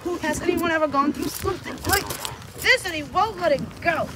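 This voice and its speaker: A woman filming and commenting casually on her dogs, scolding them playfully, laughing, and loudly calling for her things back, recorded outdoors on a phone. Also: extremely high pitch, fairly quick, very noisy. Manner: loud pleading calls.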